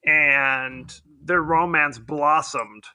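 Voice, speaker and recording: A podcast co-host jokes his way through a casual film review chat, laughing often and putting on silly voices. His voice is on the high side with a sharp tone, and he speaks extremely slowly. The recording is dry.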